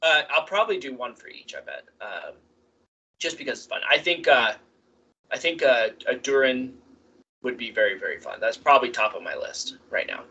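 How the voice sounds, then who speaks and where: Excitable guy on a hobby podcast, bright voice, pitch jumps all over. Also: normal speed, breathy edge, lo-fi sound. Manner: animated, excitable, stumbling over words. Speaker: podcast co-host. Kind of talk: casual chat about tabletop wargaming.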